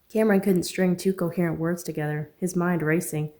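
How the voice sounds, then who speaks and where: A woman author narrating her own novel as an audiobook, earnest and steady. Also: lowish voice, brisk.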